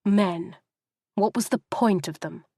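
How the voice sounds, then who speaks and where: A woman's voice: mid-range voice, slow pace, gravelly, no room sound. Woman narrating a novel, dry and close. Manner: steady, even storytelling. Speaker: audiobook narrator.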